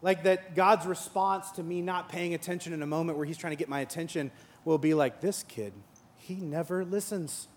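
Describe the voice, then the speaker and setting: A man with a notably high voice delivers a sermon as a pastor. He moves between humorous asides, where he acts out imagined conversations, and sincere, thoughtful teaching. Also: flat delivery, brisk, slight background noise. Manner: humorous storytelling with acted-out dialogue; earnest and reflective in teaching parts.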